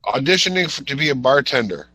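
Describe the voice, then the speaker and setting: A man's voice: mid-range voice, lively intonation, fast, pushed and bright, slightly rough, no echo. A man in a casual chat, telling a story in a dry, wisecracking way.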